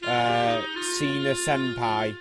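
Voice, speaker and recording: A man's voice: medium pitch, steady tone, slow pace. A young man with a sore throat, giving profane, exasperated commentary while playing a game. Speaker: let's play gamer. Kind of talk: casual gameplay commentary. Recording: loud game music underneath. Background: looping clarinet game music.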